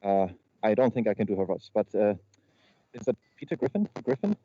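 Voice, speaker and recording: Over a video call, a man improvises a comedy slide presentation, stumbling and repeating his words as he goes. His fairly low voice moves briskly with no echo, picked up by a video call microphone as muffled lo-fi audio with faint noise.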